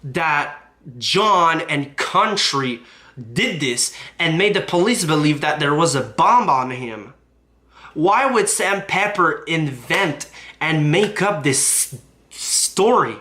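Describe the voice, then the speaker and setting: A man's voice: a little high, very animated, slow pace, bright, forceful tone. A man recapping online drama on his YouTube channel, profane and indignant as he talks. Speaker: YouTube commentator.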